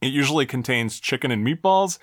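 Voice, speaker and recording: Speaking briskly in studio-quality audio without echo, a man co-hosting a casual podcast chat retells how video games end. He's a lively storyteller who voices the quoted lines, changing his pitch for each.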